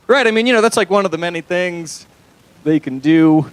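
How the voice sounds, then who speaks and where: A man's voice: fairly high pitch, expressive, brisk, clear, resonant tone, poor audio. A young man performing a stand-up comedy set on a club stage, talking loosely with lots of fillers and crude asides.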